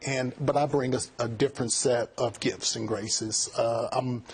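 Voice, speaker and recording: Middle-aged man, college president; earnest, a bit husky, restarts his sentences. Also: medium pitch, steady tone, unhurried. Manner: earnest, repeats words while thinking. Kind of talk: interview answers.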